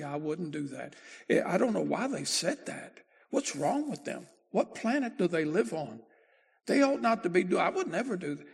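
Slow, gravelly-voiced preaching man. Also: on the high side. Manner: slow deliberate preaching, swells and drops in volume. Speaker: pastor. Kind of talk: sermon.

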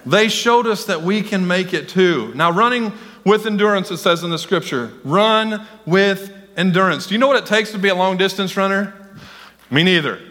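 An excitable male pastor with a high, bright voice delivers a sermon to his congregation. He calls on people in the pews and keeps getting carried away. The sound rings with the long reverb of a church hall. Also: moderate pace. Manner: excitable, talks directly to the congregation. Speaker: senior pastor. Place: church sanctuary.

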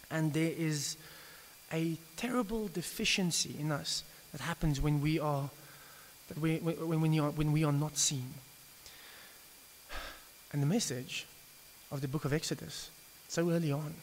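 Preacher in a reverberant hall. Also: male voice, a little high. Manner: conversational, with frequent stammered restarts. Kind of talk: evening sermon. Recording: reverberant hall with faint hiss.

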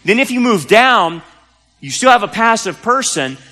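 A man's voice: sits high, very animated, normal speed, bright, forceful tone, long reverb tail. A male pastor preaching a sermon in a church, talking conversationally and earnestly, often restarting his sentences. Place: church sanctuary.

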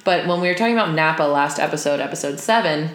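A woman's voice: sits low, quick pace. A young woman co-hosting a podcast, chatty and playful, recorded in a sparse apartment. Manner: chatty and playful, rambling with fillers. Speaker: podcast co-host. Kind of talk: casual podcast chat. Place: sparse, empty apartment room. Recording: echoey empty room.

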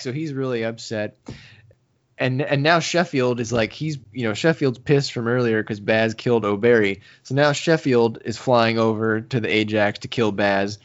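On a podcast he co-hosts, a man with a medium-pitched voice casually recaps a manga at a moderate pace. He tells the story with animation, acting out the characters' lines, and the lo-fi audio sounds slightly dull.

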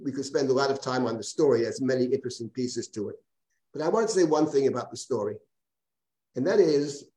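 A rabbi teaching a text study class, reading a passage aloud and translating it line by line. His man's voice is soft and mellow, and he often stops to repeat a word as he explains. It comes through roomy video-call audio with plenty of echo. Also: mid-range voice. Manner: halting, repeats words while translating and explaining.

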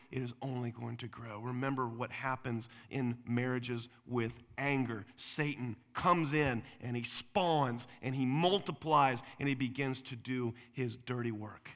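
A man in his forties preaching a sermon as pastor, swinging between loud emphatic points and quiet low passages. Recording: long hall reverb.

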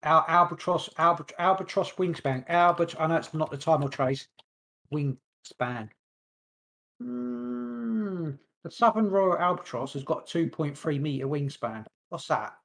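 A fairly high-pitched man chatting on a podcast. He rambles and jokes between topics, often stumbling over words and names. His tone stays loose and casual throughout. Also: lively intonation, measured pace, creaky, fairly bright tone. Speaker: podcast co-host. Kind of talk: casual chat.

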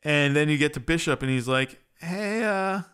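A man's voice: a little high, steady tone, fairly quick, a bit bright, clear, resonant tone. A man co-hosting a podcast, casually retelling a game's story with lots of "uh" fillers. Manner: rambling plot retelling with many "uh" fillers. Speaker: podcast co-host.

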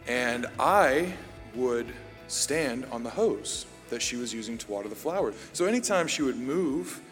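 Man, bible study teacher, chatty self-mocking storyteller, middle pitch, ringing hall reverb. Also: measured pace, soft background music. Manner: self-deprecating storyteller, relaxed and conversational. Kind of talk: conversational sermon.

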